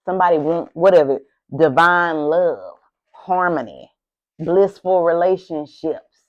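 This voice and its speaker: A woman's voice: lowish voice, expressive, a little slow, rough recording. A woman doing a casual tarot reading to camera, sassy and profane, talking straight to the viewer with lots of animation. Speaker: tarot reader. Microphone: camera mic, speaking to camera.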